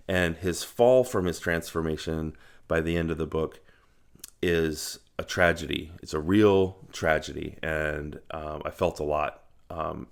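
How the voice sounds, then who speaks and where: A man talking about books on his video channel in a reflective, earnest way, pausing often with ums. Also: low voice. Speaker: book vlogger. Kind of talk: casual book review monologue.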